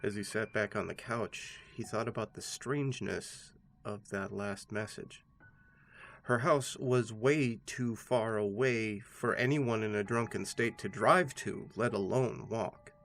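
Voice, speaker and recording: A man, host of a horror channel, giving a scripted narration of a scary story in a steady, measured way. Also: lowish voice. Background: faint background music.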